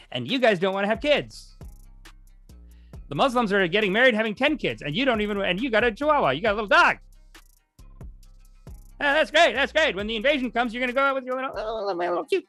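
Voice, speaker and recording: Guy doing a shouty convention ranter, hectoring and mocking, pitched way up. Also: big pitch swings, a little fast, vocal fry, long pauses, dry recording, soft background music, exaggerated voice. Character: ranting male fearmonger at a convention stall.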